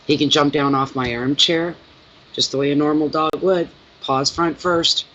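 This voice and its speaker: A middle-aged man, a tarot reader and channel host, chatting casually with his viewers at home and telling animated stories. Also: fairly high pitch, moderate pace, muffled recording.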